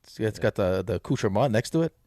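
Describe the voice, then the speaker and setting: A man's voice: fairly low pitch, animated, fast, darkish tone, dry recording. A male sports radio host, playful and teasing in studio banter. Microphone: studio mic.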